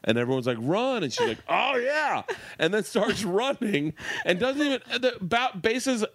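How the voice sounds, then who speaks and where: A man in his forties telling funny stories about his daughter in casual podcast chat, animated and profane, laughing as he goes. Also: high-pitched, a little fast, dry recording, clean studio sound. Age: 40s. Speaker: comedian guest.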